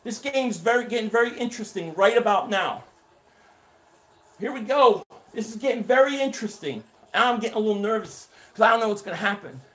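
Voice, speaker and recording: A man hosting a live reaction stream, calling the plays with excitement and answering his chat. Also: very high-pitched. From Philadelphia area.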